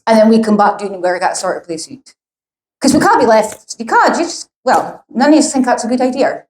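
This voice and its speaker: Woman doing standup, swears a lot, goes off on tangents, bit high-pitched, echoey room. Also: lively intonation, brisk, a little mellow. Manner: rambling, sweary and blunt. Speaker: stand-up comedian. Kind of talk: stand-up comedy set. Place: live comedy venue. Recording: roomy echo.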